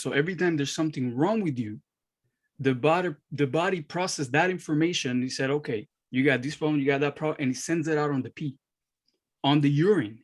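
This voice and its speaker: A man from Miami, a guest on a podcast, explaining his views calmly and earnestly over a video call. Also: on the high side. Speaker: guest astrologer. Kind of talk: casual podcast conversation.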